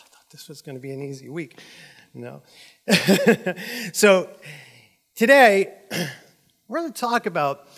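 A man preaching from the stage of a church auditorium, his voice sitting a little high. His jaw is swollen after oral surgery. He jokes at his own expense and acts out the voices in his stories. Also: a bit bright, in a large hall. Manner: joking and self-deprecating, acts out dialogue. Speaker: pastor. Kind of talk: sermon.

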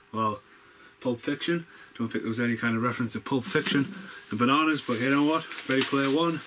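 A man giving an excitable, sweary movie review at home in a room full of film collectibles, saying wow again and again. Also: medium pitch, slight background noise. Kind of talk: casual excited vlog review.

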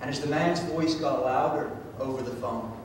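A man from Georgia preaching a sermon, telling a story with drama, swinging from loud to hushed. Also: moderate pace. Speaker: pastor. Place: church sanctuary. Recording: echoey church hall from far off, faint rumble.

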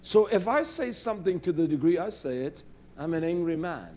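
A male preacher giving a sermon, impassioned, swinging between loud declaiming and low muttering. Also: lively intonation, a little fast.

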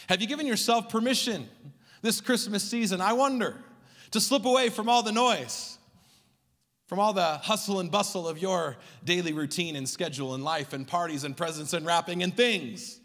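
Male pastor, high voice, rhythmic sermon, long church-hall reverb. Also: moderate pace. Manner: rhythmic preaching, swings from loud to hushed. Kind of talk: Christmas Eve sermon. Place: church sanctuary.

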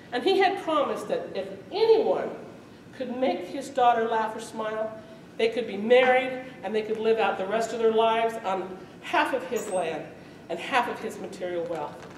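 A woman storyteller telling a folk tale to a live audience, lively and often laughing as she acts it out, in a festival hall. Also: a little high, a little hiss or hum. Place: event hall at a medieval arts festival. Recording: echoey hall from far off.

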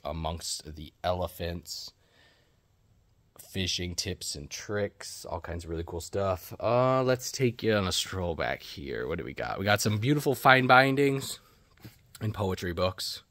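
Man, low voice, dry close sound, bookstore owner giving a brisk walking tour, lists titles nonstop. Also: animated, a bit bright, no echo. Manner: rapid listing, hums filler tunes. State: out of breath.

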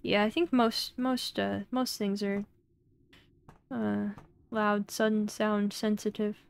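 A woman's voice: medium pitch, level tone, takes it slowly, vocal fry, clean tone. A young woman streaming a horror game, chatting playfully and breaking into mock-dramatic outbursts.

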